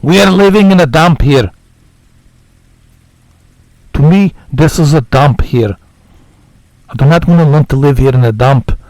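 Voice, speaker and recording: A man doing an impression of a brash, grumbling male Eastern European immigrant for his friends, in a loud, complaining put-on delivery. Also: on the high side, a little slow, long pauses, no echo, rough recording.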